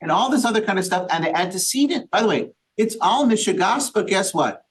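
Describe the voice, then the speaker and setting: A man's voice: high-pitched, animated, brisk, a little hiss or hum. A man, a rabbi, leading an interactive Torah study class, quizzing the group with questions and using Yiddish and Hebrew terms. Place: synagogue study session with a small group.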